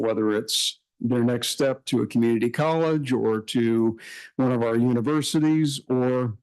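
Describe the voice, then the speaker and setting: Middle-aged male university president, earnest welcome address, halting with fillers. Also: medium pitch, darkish tone, poor audio. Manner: earnest, repetitive emphasis with many fillers. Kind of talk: welcome speech at a summit.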